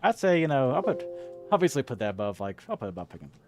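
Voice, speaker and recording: A man's voice: mid-range voice, big pitch swings, racing, darkish tone, faint music behind. A man co-hosting a casual chat about games, rambling with lots of filler words and the odd swear. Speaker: podcast co-host.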